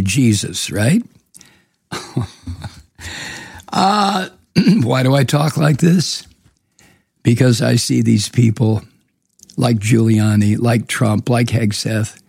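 A man's voice: medium pitch, vocal fry, darkish tone, no room sound, clean studio sound. A man hosting a political commentary show, delivering a profane, scornful monologue with heavy emphasis.

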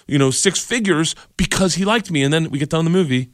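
A man's voice: a little high, fast talker, dry recording, studio quality. A man, a comedian guest on a radio show, telling a long story, acting out voices and laughing as he goes. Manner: animated, acts out voices and laughs through the story.

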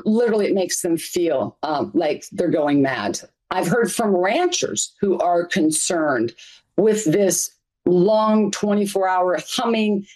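Low-voiced, earnest woman advocate. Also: darkish tone, poor audio. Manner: earnest, emphatic, piles up lists. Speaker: interview guest, community advocate. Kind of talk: news interview answers.

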